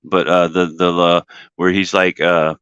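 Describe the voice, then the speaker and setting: A man's voice: deep voice, flat delivery, a little slow, fairly bright tone, clean tone, no echo. Rambling male stream host, dry lo-fi sound. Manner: rambling, laughs often, self-deprecating. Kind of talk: casual live-stream chat.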